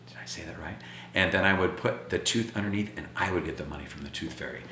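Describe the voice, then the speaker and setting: A teacher reading a picture book aloud to children, chatty and playful. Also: male voice, low-pitched, quick pace, bright, forceful tone, slight background noise. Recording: echoey room.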